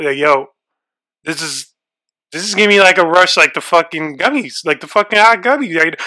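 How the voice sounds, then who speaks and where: A nervous young man chatting on a podcast, his voice bright and tense and sitting a little high. He sounds shaky and keeps swearing freely as he frets aloud. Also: lively intonation, moderate pace. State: shaky and freaked out. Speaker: podcast co-host. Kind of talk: casual chat.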